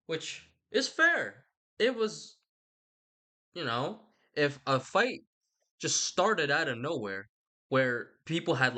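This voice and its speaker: A young channel host retells a story in a rambling, casual, irreverent way, using slang, swearing, and cutting himself off. His mid-range voice is bright and forceful.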